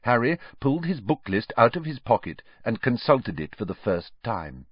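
A man reading a storybook aloud as narrator, measured and expressive. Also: fairly low pitch, breathy edge, dry recording, dull audio. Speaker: audiobook narrator.

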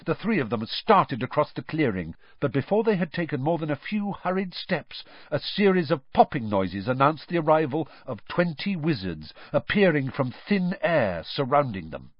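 Male audiobook reader, lively and dramatic, slightly husky. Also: on the high side, moderate pace, few pauses, no echo, muffled recording. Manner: dramatic, expressive reading. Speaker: audiobook narrator. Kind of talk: audiobook narration.

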